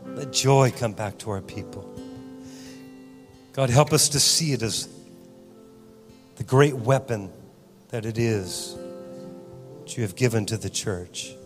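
A man preaching a sermon in a church, swinging from loud exhortation to soft, quiet prayer. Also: mid-range voice. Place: church sanctuary. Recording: church hall reverb with guitar music.

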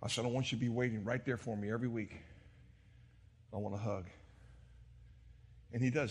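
A middle-aged male pastor preaching a sermon, telling stories and swinging from hushed tones to shouts. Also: mid-range voice, steady tone, a little fast, long pauses, husky, long reverb tail. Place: church sanctuary.

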